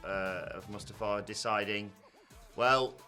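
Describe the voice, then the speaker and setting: A wry British man gives his opinions with dry, sarcastic asides. His bright, forward voice sits at a middle pitch, and faint music plays beneath it. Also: expressive, a little fast. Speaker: co-host of a news show. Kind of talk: casual news chat.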